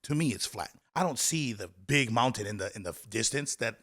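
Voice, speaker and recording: Mid-pitched male podcast co-host from Hawaii, easygoing, rambling chat. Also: a little fast. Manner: relaxed, laughing, rambling asides. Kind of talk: casual chat.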